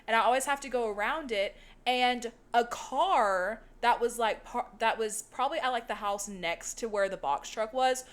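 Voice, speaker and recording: A woman's voice: fairly high pitch, moderate pace, hardly any pauses. A young woman from the United States, co-hosting a podcast in casual chat. She recaps a movie, laughs often and swears casually. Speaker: podcast co-host.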